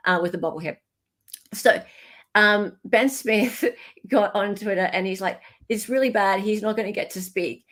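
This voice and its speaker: A woman's voice: mid-range voice, moderate pace, fairly bright tone. An Australian woman hosting a livestream in casual chat, reading out viewer comments, thanking viewers by name and laughing often. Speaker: livestream host.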